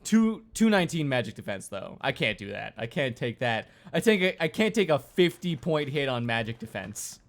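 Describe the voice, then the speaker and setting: A man's voice: medium pitch, very animated, moderate pace, hardly any pauses. A man streaming a game, swearing and joking as he reacts to it aloud. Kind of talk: casual game stream banter.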